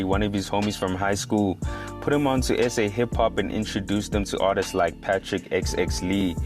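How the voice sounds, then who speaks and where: A man narrating a scripted video in a measured, informative way. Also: sits low. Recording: voice-over with music playing underneath.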